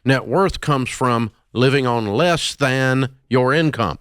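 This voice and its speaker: Radio host guy, blunt and folksy, tells callers off but kindly, mid-pitched, dead dry studio. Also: slow, hardly any pauses, fairly bright tone, smooth, dry recording. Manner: blunt, scolding yet affectionate, folksy. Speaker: radio talk show host. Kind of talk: call-in advice show. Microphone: studio microphone.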